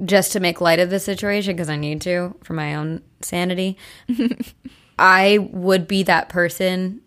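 A woman's voice: on the low side, fairly even intonation, a little slow, fairly bright tone. A woman co-hosting a podcast in casual chat, reacting with short, fearful exclamations. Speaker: podcast co-host.

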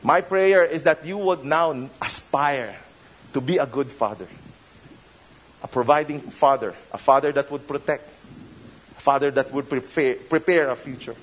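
This middle-aged pastor with a Filipino accent has a mid-range voice and a moderate pace, and the recording quality is low. His sermon is conversational, with many restarts and Tagalog phrases mixed in.

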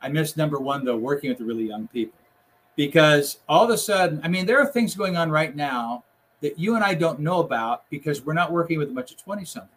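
A man's voice: fairly high pitch, animated, quick pace, a bit bright. An older man, a retired reporter, telling rambling newsroom anecdotes in a casual conversation, acting out the quotes.

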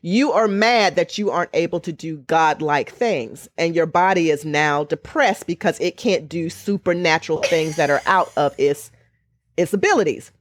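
A woman's voice: fairly low pitch, moderate pace, no echo. Middle-aged woman sharing personal reflections; earnest, emotional, close and dry. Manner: earnest, emotional, repeats phrases for emphasis. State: near tears. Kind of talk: reflective podcast conversation.

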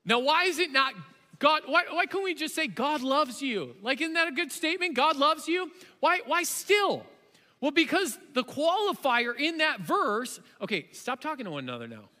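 A man in his thirties preaching a sermon, impassioned, shifting between loud emphasis and quiet storytelling. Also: very high-pitched, very animated, moderate pace. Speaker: pastor. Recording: long hall reverb.

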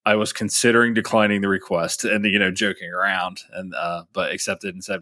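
A man's voice: deep voice, fairly even intonation, brisk, hardly any pauses, sharp tone, dry recording, clean studio sound. A man co-hosting a podcast, talking casually and loosely with lots of fillers. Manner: loose and chatty, many fillers. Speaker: podcast co-host.

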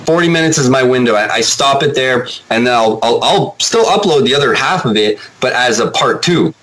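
A man chatting casually as a podcast guest, rambling and animated, swearing now and then. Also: medium pitch, brisk, low-quality recording. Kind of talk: casual chat.

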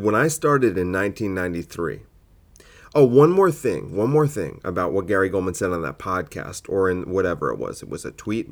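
A man's voice: sits low, vocal fry. A man hosting a casual solo comedy podcast, rambling and sidetracked, full of fillers and self-corrections.

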